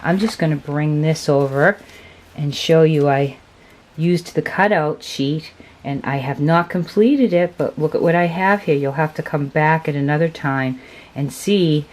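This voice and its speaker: Low-pitched woman, craft vlog host, admiring and chatty. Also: measured pace, a little mellow. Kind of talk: casual show-and-tell of craft supplies.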